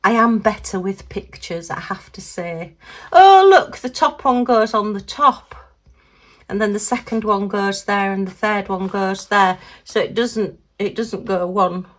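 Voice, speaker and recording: A woman talking casually through an unboxing. She is chatty and quick to exclaim and giggle, and she talks to herself as she works. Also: mid-range voice. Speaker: craft vlogger.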